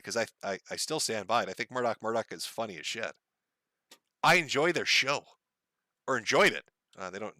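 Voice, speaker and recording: A man chatting loosely on a livestream, rambling from one tangent to the next with plenty of swearing and frequent laughs. His voice is bright and on the higher side, with a very animated pitch. The sound is dry and close. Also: dry recording. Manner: rambling, profane, laughs often. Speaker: livestream host. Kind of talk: casual livestream chat.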